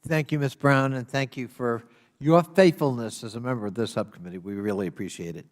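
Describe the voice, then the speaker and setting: A man's voice: medium pitch, brisk. A man chairing a hearing in a genial, conversational manner. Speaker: subcommittee chairman. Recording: long reverb of a hearing room.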